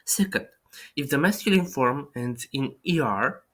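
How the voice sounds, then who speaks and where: A man giving an online language lesson, explaining grammar with frequent restarts and fillers and slowing down to show careful pronunciation. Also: medium pitch, expressive, pushed and bright. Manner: slow, careful pronunciation demonstrations. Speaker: French teacher.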